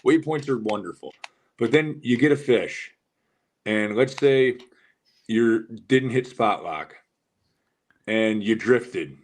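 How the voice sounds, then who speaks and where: A man's voice: medium pitch, expressive, takes it slowly, long pauses. A man with an ordinary mid-range voice tells long, rambling fishing stories on a live chat show. He swears freely as he goes.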